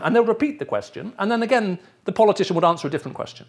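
The voice sits high and has a sing-song lilt, racing along with hardly any pauses. It belongs to a middle-aged man with an English accent who grew up in the Middle East and is preaching a sermon to a live audience, checking in with them often.

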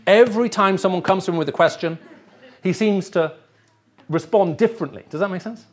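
A man's voice: high voice, brisk. A middle-aged man with an English accent, raised in the Middle East, preaching a sermon to a live audience and often checking in with his listeners. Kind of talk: sermon teaching.

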